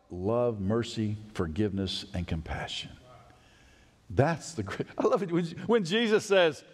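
Animated preacher in a reverberant sanctuary. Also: male voice, mid-range voice, measured pace. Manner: animated preaching, swinging from loud to hushed. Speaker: pastor. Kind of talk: sermon. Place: church sanctuary. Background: congregation responses.

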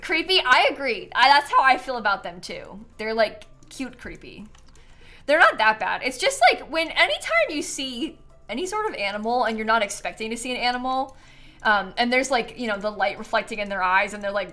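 A woman's voice: a little high, expressive, brisk, pushed and bright, faint music behind. A young woman from Florida, a streamer chatting casually while she plays, rambling and laughing often. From Florida, USA. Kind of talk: casual chat while playing a game.

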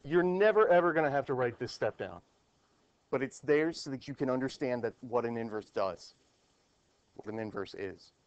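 A man's voice: medium pitch, moderate pace, dry recording, lo-fi sound. A man teaching a math class at the board, explaining step by step and asking his students questions.

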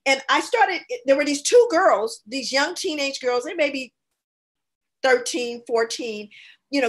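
Woman guest with a high voice, earnest, telling stories about people she worked with. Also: lively intonation, normal speed, fairly bright tone. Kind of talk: casual conversation, recounting experiences.

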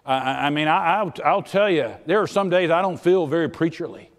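A middle-aged man preaches in a folksy, plainspoken way, moving from quiet earnestness to loud urging. His voice sits a little high for a man. A long reverb from the church sanctuary trails his words. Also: a little fast. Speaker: pastor. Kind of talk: sermon.

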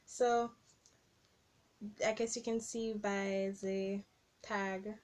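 A woman's voice: mid-range voice, level tone, drawn-out words, darkish tone. A young woman from the Caribbean with a Caribbean English accent, chatting casually in a vlog recorded on her phone and reading out word lists. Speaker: vlogger.

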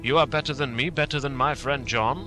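A man voicing an elderly professor who speaks gravely and urgently in a measured, commanding way, over faint music. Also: mid-range voice, pitched above the performer's own voice, natural voice.

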